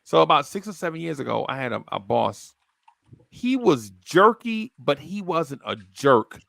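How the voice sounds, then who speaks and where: A man's voice: a little high, normal speed, vocal fry, no echo. A man hosting a casual sports podcast, telling stories and acting out the people in them. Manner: animated storyteller, acts out quotes. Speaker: podcast host.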